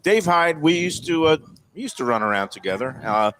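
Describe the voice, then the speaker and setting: A man's voice: a little high, very animated, a little fast, crowd noise. A middle-aged man hosting a live radio show from a sports pub, chatting loosely and joking about himself over a headset mic. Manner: loose, self-mocking, rambling. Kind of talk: live casual sports-talk banter.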